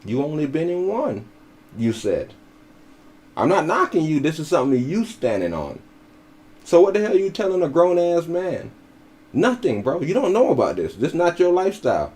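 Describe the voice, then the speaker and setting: A man's voice: a little high, huge pitch swings, normal speed, a little mellow. A man giving blunt, profane, mocking commentary as a podcast co-host. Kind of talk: casual commentary.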